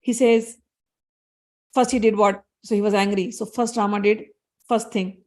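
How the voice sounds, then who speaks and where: A woman's voice: mid-range voice, steady tone, normal speed, a little mellow. A woman telling a devotional story in a conversational, explanatory way, reciting Sanskrit verses.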